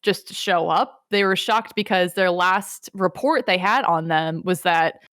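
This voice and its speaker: Animated rambling young woman. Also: fairly low pitch, unhurried, dry recording, clean studio sound. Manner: animated, rambling, lots of fillers. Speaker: podcast co-host. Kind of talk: casual chat.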